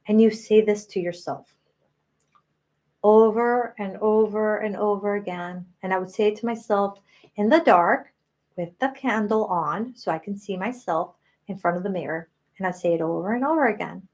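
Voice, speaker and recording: A woman's voice: medium pitch, normal speed. A woman in her late thirties hosting a live stream, talking earnestly and emotionally about self-worth. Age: 30s. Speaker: spiritual channel host.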